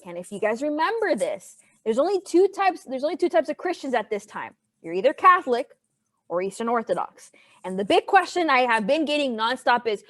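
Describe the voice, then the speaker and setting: A woman teacher lectures to her class over a video call with a chatty, animated delivery. Her voice sits a little high. The sound is dry and close, with no room around it. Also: no room sound. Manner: chatty, animated and playful with students. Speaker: history teacher.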